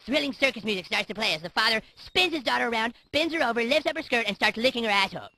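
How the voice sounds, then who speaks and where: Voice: mid-range voice, lively intonation, fast talker, gravelly, sharp tone, no echo. A performer voicing a bratty, foul-mouthed cartoon boy who tells a crude joke in a gleeful, pushy way. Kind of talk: parody voice acting.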